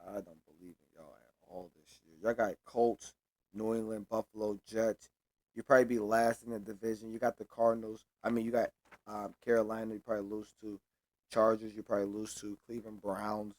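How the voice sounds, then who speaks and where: A man's voice: fairly low pitch, level tone, a little fast, a little mellow, no echo. A young man hosting a sports show, making casual predictions alone, with loose, repetitive trash talk and free swearing.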